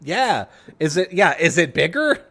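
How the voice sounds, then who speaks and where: A man co-hosting a podcast, talking casually and animatedly with a friend. His voice sits a little high and leaps around a lot. He laughs easily and talks in bursts full of fillers and restarts. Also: big pitch swings, measured pace, bright, forceful tone, slightly rough. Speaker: podcast co-host. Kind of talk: casual chat.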